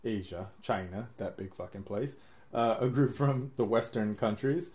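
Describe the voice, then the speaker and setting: Low, mellow-voiced man rambling casually. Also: normal speed. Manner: rambling, laughs often, swears casually. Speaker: podcast host. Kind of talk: casual chat.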